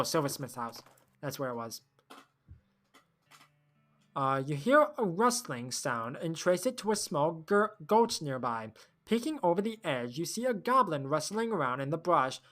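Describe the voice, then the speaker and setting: Let's-play streamer, expressive pitch, reads text and muses aloud, soft music behind. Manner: rambling, thinks aloud, trails off. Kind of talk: reading game text aloud while playing.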